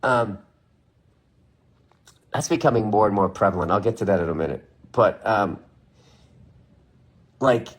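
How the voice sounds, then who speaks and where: A man's voice: lowish voice, unhurried, long pauses, husky. A man talking in a casual monologue, rambling and swearing with an incredulous edge.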